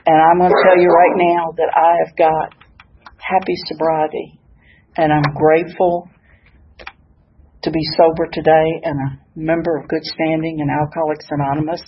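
A woman's voice: low-pitched, flat delivery, moderate pace, muffled recording, noisy background. An older woman giving a folksy, good-humored personal share at a sobriety meeting, speaking to an audience in a hall. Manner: warm-hearted, folksy, laughs at herself.

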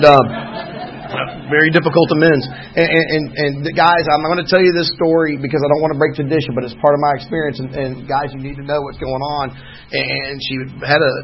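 A man with a husky, medium-pitched voice shares his own recovery story at a meeting, rambling and candid with a wry sense of humor. It's personal recovery testimony, captured on a muffled lo-fi recording.

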